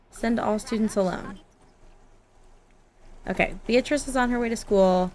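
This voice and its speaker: A woman's voice: mid-range voice, unhurried, pauses often, darkish tone, a little hiss or hum. A woman doing casual, chatty gameplay commentary from her home office, giggling and talking to her game characters. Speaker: gaming YouTuber.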